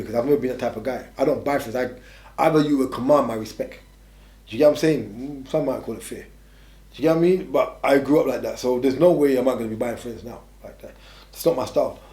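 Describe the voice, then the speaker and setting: Fast-talking slang man. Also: medium pitch, darkish tone. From England. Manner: fast, streetwise, repetitive emphatic phrasing. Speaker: interview guest. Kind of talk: casual conversational storytelling. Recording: echoey room.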